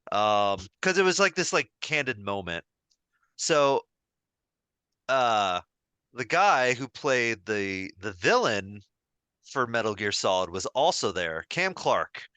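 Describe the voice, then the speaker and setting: A man's voice: fairly low pitch, sing-song, takes it slowly, pushed and bright, clear, resonant tone, no room sound. A man co-hosting a podcast, chatting casually and telling stories with enthusiasm, full of fillers and restarts. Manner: enthusiastic, rambling storyteller with many fillers. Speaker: podcast co-host.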